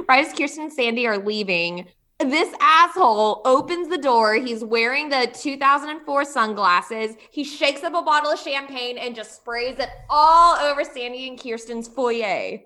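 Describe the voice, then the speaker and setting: Woman co-host, bright and slightly high voice, animated recap chat, laughs a lot. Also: a little slow. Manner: animated, laughs often, slangy. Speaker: podcast co-host.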